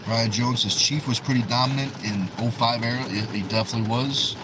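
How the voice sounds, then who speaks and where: A man's voice: mid-range voice, steady tone, a little fast, noisy background. A man with a New England accent hosting a livestream, casually reading viewers' chat messages aloud and answering them. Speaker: livestream host.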